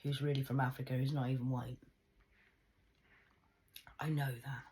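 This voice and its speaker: A woman speaking intensely and emphatically to her viewers, swinging between loud outbursts and hushed asides. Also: a bass voice, flat delivery, normal speed, a little hiss or hum, rough recording. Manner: confiding, addresses viewers directly. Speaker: vlogger. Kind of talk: emotional personal monologue to camera.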